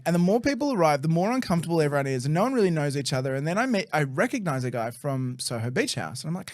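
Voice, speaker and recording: A young man on a podcast, telling a story in a casual, animated way, with a lot of swearing. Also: a little high, very fast, hardly any pauses. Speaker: podcast guest.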